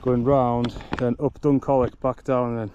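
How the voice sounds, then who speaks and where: This hiking vlogger walks a rural hillside and chats casually about the route, joking at his own expense and a bit short of breath. He speaks at a normal speed in a medium pitch with little pitch movement, and the sound is lo-fi. Wind and animals come through the noisy camera audio.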